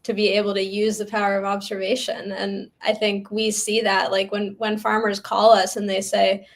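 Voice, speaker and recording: A woman at a middle pitch who speaks in a flat, even tone. As a guest on a livestream chat, she explains her points in a measured way. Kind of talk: casual livestream conversation.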